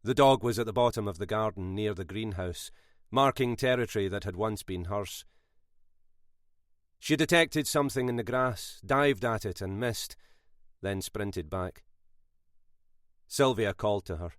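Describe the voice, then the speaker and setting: A man narrating a thriller audiobook in a measured, expressive way. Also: on the low side, smooth, no echo, clean studio sound.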